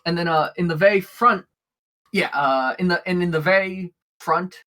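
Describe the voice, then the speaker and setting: A man's voice: sits high, normal speed, pushed and bright. A man narrating a tabletop game as game master, describing the scene in a rambling way with many fillers.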